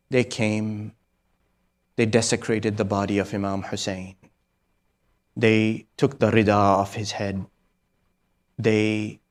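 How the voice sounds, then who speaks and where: A man preaching a mourning sermon, telling a grave story to a gathering. He speaks mostly low and hushed, checks on his listeners with a questioning "hmm?", and now and then lifts his voice to a loud peak. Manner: storytelling with frequent "hmm?" prompts to the audience.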